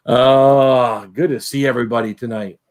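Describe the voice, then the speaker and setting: A man's voice: medium pitch, animated, slow. A man hosting a casual livestream, greeting viewers by name and chatting. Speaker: livestream host.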